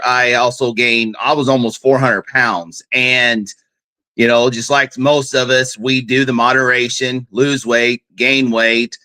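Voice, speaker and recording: A man's voice: mid-range voice, sharp tone. A man, a guest talking in a folksy, plain-spoken way with many fillers. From Missouri, United States. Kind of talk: casual interview talk.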